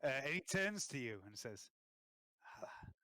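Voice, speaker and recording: A man narrating a tabletop game as game master, in slow, plain narration. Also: medium pitch, expressive, sharp tone, no room sound, poor audio.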